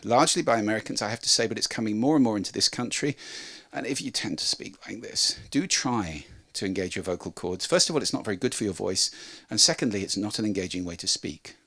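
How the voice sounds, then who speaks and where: A man presenting a talk on how to speak, demonstrating with lively changes of pitch and volume. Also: quick pace, hardly any pauses. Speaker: speaker on voice and communication.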